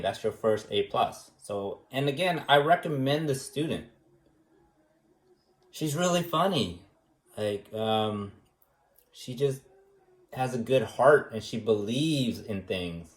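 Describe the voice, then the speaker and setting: Man, art teacher, slow deadpan teasing, echoey room sound. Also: mid-range voice. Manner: teasing, deadpan, many fillers and tag questions. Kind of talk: rambling, joking recommendation speech.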